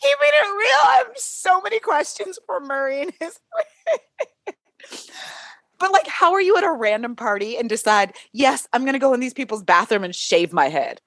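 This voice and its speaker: High-voiced lady guest, dry close mic, jokey and giggly, quick reactions. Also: very animated, a bit bright, dry recording. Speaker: podcast guest. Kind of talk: casual chat.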